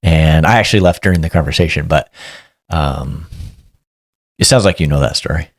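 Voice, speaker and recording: A man with a very low voice tells a story as a police sergeant. He keeps it casual and lively, acting out quotes along the way. The sound is dry and close. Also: normal speed, dry recording. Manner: animated, acts out quotes. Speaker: police sergeant, podcast guest.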